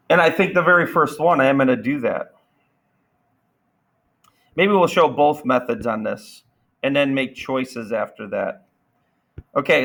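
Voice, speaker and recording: A man teaching a math class, energetic and playful, firing questions at students. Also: fairly high pitch, rough recording. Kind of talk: classroom lesson.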